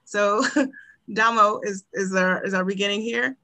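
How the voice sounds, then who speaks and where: A woman's voice: mid-range voice, steady tone, measured pace, pushed and bright. A woman talking as a podcast guest in casual chat, enthusiastic and laughing often, with frequent hesitations.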